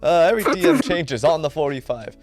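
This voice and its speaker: A man's voice: on the high side, animated, fast, faint music behind. A man hosting a live improv tabletop game stream, upbeat and laughing often as he gathers suggestions. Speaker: host running audience suggestions. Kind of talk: casual chat on a live stream.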